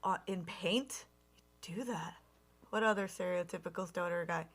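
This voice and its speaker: A woman in her thirties co-hosting a comedy podcast. She riffs in a sarcastic, profane, deadpan way. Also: on the low side, normal speed. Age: 30s. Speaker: podcast co-host. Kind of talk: casual comedic chat.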